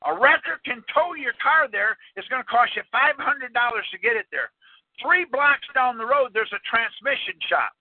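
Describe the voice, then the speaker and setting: A man's voice: very high voice, animated, moderate pace, no room sound. A man giving a folksy, rambling talk to a small audience and quizzing them with questions. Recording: tinny phone-line recording, dry.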